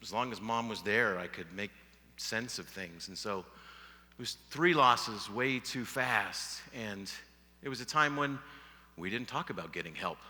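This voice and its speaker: A middle-aged man speaking at a conference, telling a personal story in an earnest way that sinks to a hush at sad points. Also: lowish voice, lively intonation, unhurried. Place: large hall before a live audience. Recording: long hall reverb.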